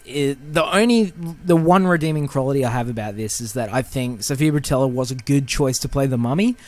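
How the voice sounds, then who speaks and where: A man's voice: mid-range voice, a little fast, no echo. A man hosting a film podcast, ranting casually about bad movies with lots of swearing, fillers and restarts. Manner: profane, rambling, heated, with many fillers and restarts. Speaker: podcast host. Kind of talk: casual film-review rant.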